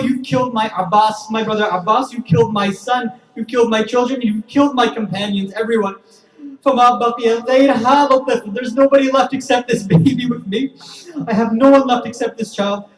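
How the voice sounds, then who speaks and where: A man delivering an impassioned mourning sermon at a community center and questioning the congregation directly. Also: sits high. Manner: impassioned, building from hushed to loud pleading. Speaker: speaker at a mourning gathering. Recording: echoey hall, far from the mic.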